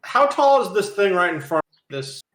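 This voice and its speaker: A man's voice: sits high, sing-song, normal speed, fairly bright tone. A man playing a tabletop game in casual chat, hesitant and thinking aloud as he works out his moves. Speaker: player. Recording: echoey room.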